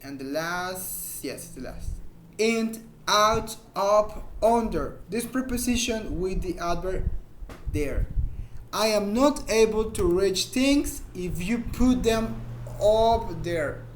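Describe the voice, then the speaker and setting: Man, high voice, informal English teacher, patient repeated examples, slight hiss. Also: expressive. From Mexico. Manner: explains slowly with repeated examples, searches for words. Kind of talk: informal grammar lesson.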